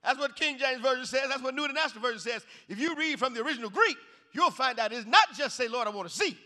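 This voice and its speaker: High, bright-voiced man preaching loudly. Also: fast. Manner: hollering, rhythmic call-and-response preaching. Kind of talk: shouted revival sermon. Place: large church sanctuary. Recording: echoey hall reverb.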